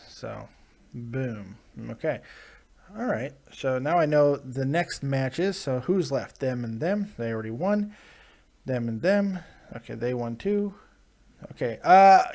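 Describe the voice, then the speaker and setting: A man hosting a casual live-stream show, ranting with profanity and sarcasm while reading viewer chat. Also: a little high. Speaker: host.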